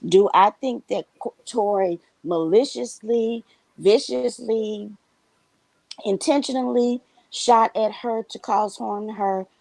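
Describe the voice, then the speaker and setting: A woman's voice: on the high side, takes it slowly, gravelly, a little mellow, no room sound, low-quality recording. A woman co-hosting a casual commentary show, giving blunt, profane opinions.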